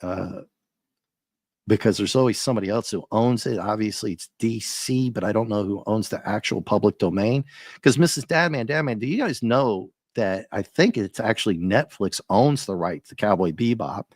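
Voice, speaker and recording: A man hosting a live stream, chatting and ranting casually with viewers, his voice a little rough and often breaking into laughs. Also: on the low side, expressive, moderate pace, dry recording. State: slightly rough voice. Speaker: livestream host.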